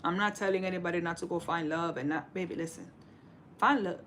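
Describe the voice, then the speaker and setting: A woman's voice: on the low side, fairly even intonation, fast talker, fairly bright tone, a little hiss or hum. A woman in her forties hosting a livestream, giving sassy, preachy relationship advice to her viewers in a casual chat. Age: 40s. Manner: sassy, preachy, calls everyone baby. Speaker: livestream host.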